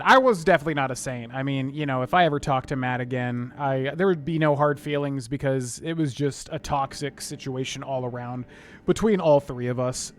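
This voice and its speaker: A man streaming a game, rambling candidly in casual chat and giving quick gameplay tips. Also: mid-range voice, fairly bright tone, a little hiss or hum.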